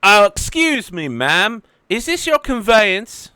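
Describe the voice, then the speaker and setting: A man's voice: high voice, very animated, slow, sharp tone, clean tone, no echo, studio quality, voice pushed up, exaggerated voice. Tabletop game role: hulking but childlike laborer, eager and awkward, raised voice, played by a man. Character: childlike hulking half-giant crane operator man.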